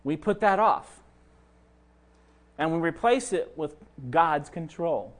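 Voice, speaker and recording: A man's voice: a little high, lively intonation, takes it slowly. A pastor preaching a sermon, talking conversationally and addressing his listeners directly.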